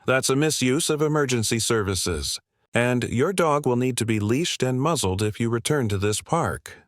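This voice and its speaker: A man voicing a calm, firm police officer in a narrated story. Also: mid-range voice, moderate pace, no echo, studio quality, close to an everyday voice.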